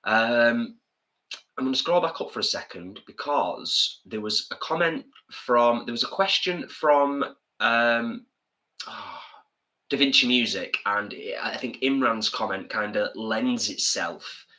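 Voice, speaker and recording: A Northern English man co-hosts a relaxed evening live stream from home. He reads viewer comments aloud and shares his thoughts in an earnest, chatty way. His voice is bright and forward, sitting at a middle pitch. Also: takes it slowly. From England. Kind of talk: casual live-stream chat. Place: home, drinking beer.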